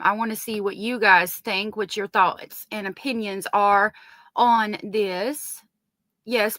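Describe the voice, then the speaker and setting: A woman's voice: medium pitch, fairly bright tone, no room sound. A woman with a Southern US accent hosting a casual true crime live stream, chatting and greeting viewers by name.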